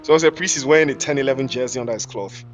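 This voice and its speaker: A man's voice: mid-range voice, rapid-fire, dull audio, soft background music. Jokey slangy male esports caster. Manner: jokey, rambling, slangy, laughs often. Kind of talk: live esports commentary mixed with chat banter.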